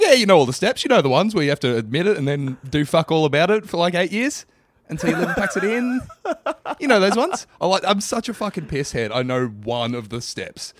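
A man's voice: medium pitch, fairly bright tone, dry recording, clean studio sound. A young man co-hosting a comedy podcast, rambling with crude, self-mocking banter. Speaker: podcast co-host.

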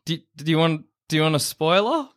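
A man's voice: a little high, animated, a little fast, a bit bright. A man co-hosting a podcast, chatting casually and laughing often. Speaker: podcast co-host. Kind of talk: casual chat.

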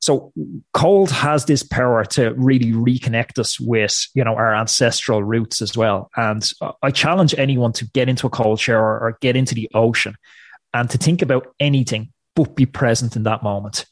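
A man's voice: medium pitch, normal speed, no room sound. A man speaking as a podcast guest in an emphatic, motivational way. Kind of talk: podcast interview talk.

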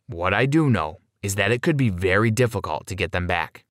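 A man's voice: lowish voice, expressive, a little fast, a bit bright, no room sound, studio quality. A man voicing a blunt, stern police officer in a spoken story, grave and matter-of-fact.

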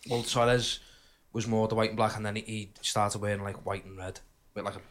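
A man's voice: lowish voice, brisk, slight background noise. A man, a podcast host teasing his friends in casual banter. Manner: teasing, lively.

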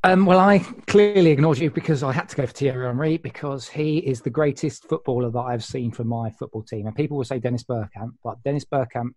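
A man in casual podcast chat, talking eagerly in quick bursts as a panelist. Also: mid-range voice, darkish tone, no room sound.

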